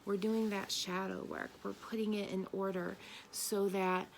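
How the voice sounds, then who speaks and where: A woman's voice: medium pitch, level tone, measured pace, vocal fry, a little hiss or hum. A woman doing a tarot and spirit reading for an audience, talking bluntly and with emphasis, swearing now and then. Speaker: tarot reader.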